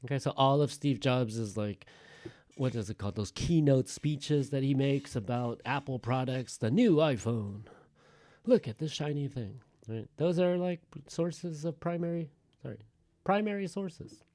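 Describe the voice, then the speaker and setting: A man teaching a class in an easygoing, talkative way, with throwaway jokes and bits of thinking out loud. His voice sits at a medium pitch. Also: moderate pace. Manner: chatty, joking asides, thinks aloud. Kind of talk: classroom lecture.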